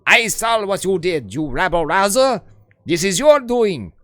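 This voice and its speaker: A man voicing a gruff, angry male overseer who shouts and accuses, as a dramatic reading of game dialogue. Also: high-pitched, very animated, unhurried, no room sound, voice pushed up, exaggerated voice.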